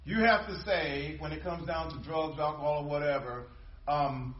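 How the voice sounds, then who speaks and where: A man's voice: fairly high pitch, fairly even intonation, moderate pace, roomy sound, distant mic, muffled recording. A male pastor preaching a sermon, emphatic and repetitive, drawing call-and-response from the congregation.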